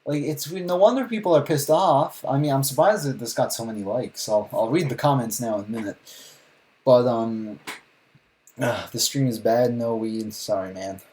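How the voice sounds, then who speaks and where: A man's voice: medium pitch, normal speed, a little mellow, poor audio. A man streaming a live reaction, talking casually with sarcastic, rambling remarks and frequent restarts.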